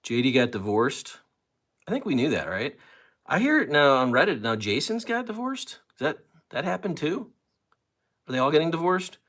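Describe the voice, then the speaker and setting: A man's voice: a little high, very animated, normal speed, a bit bright. An older man hosting a casual livestream, rambling and joking with viewers, at times out of breath. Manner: rambling, jokey, talks to chat. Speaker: livestream host.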